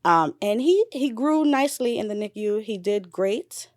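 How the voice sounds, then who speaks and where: A young adult woman, a mother, candidly telling her story in a casual interview, animated, with blunt slang and swearing. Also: medium pitch, normal speed, no echo, clean studio sound.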